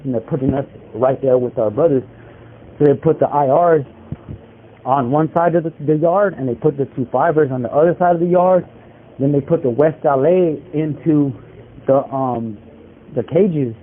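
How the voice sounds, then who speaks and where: A man in prison telling a story in casual street slang, rambling with lots of fillers, over a phone call. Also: a little high. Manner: rambling, filler-heavy street slang, many likes and bros. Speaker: incarcerated interviewee telling a story. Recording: tinny prison phone line with faint hiss.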